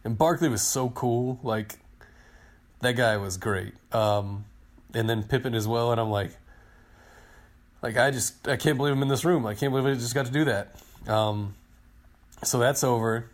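A man in his thirties on a podcast, telling a long story in a casual, excited, rambling way and acting out what people said. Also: mid-range voice, normal speed, pauses often. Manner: excited, rambling storyteller who acts out quotes. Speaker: podcast co-host, team digital director.

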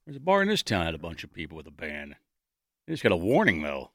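A man's voice: sits low, wildly swooping pitch, fast, fairly bright tone, no echo, clean studio sound. A man co-hosting a radio show, sarcastic and jokey, trading quips and laughing with his co-hosts. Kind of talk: casual radio banter.

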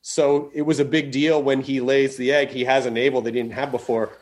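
A man's voice: medium pitch, level tone, fairly quick, a little mellow. A man hosting a casual comedy podcast, rambling and riffing on absurd ideas and laughing as he goes. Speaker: podcast host.

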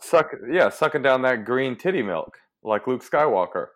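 A man's voice: medium pitch, lively intonation, moderate pace. A man co-hosting a casual podcast chat, dropping joking, teasing interjections. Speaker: podcast co-host.

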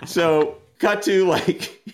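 A man co-hosting a podcast, telling a rambling story in casual chat and getting loud and laughing as it goes on. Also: high voice, steady tone, drawn-out words, slight background noise. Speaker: podcast co-host.

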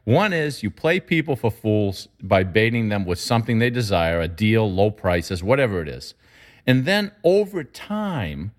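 Guy breaking down marketing, voice swings up and down a lot, really emphatic. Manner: emphatic, animated, pitch jumps when making a point. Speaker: marketing commentator. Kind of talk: conversational discussion.

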